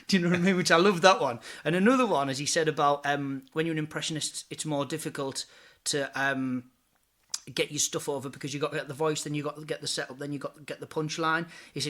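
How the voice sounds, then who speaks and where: A man's voice: fairly high pitch, fast, a bit bright. A man who works as an impressionist and comedian, chatting casually in an interview, laughing often and saying "you know" a lot.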